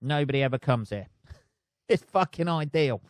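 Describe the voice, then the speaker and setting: A man's voice: medium pitch, animated, normal speed, no echo, studio quality. A man hosting a podcast alone, rambling in a sweary, self-mocking way. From United Kingdom. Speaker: podcast host. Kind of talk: casual solo rant. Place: flat.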